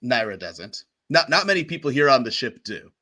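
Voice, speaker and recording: Bright-voiced man running a tabletop game. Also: mid-range voice, very animated, a little fast. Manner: laughs often, chatty. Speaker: game master.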